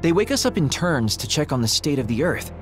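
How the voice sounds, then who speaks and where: Sly evasive male schemer, teasing drawl, lively pitch, over game music. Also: a little fast. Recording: game audio with music behind.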